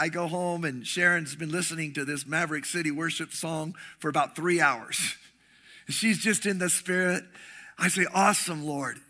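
A middle-aged male pastor preaching a sermon, telling stories with animated, shouted bursts. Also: a little high. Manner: animated storytelling, acts out voices with rising shouts.

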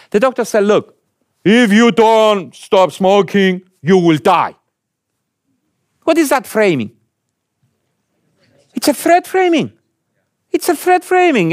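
A man's voice: no echo, clean studio sound. A man lecturing an audience, asking them questions and stressing points emphatically. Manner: asks the audience questions, emphatic rising pitch.

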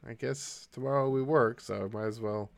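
A man's voice: medium pitch, steady tone, brisk, no echo. A man co-hosting a podcast in casual chat, rambling and laughing at his own stories. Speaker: podcast co-host.

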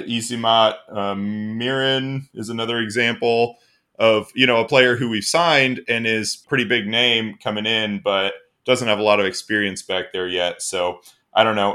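Bright-voiced young man talking soccer. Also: fairly low pitch. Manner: thoughtful, self-deprecating, laughs easily. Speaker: podcast co-host. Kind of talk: casual sports podcast chat.

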